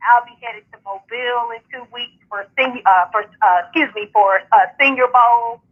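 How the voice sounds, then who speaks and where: A woman's voice: a little high, moderate pace, slightly rough. A woman calling in to a radio show, chatting casually and upbeat about her sports media work. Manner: upbeat, talks in long runs with fillers. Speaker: founder and host of a sports media outlet, radio guest. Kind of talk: casual radio call-in chat. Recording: phone line call-in.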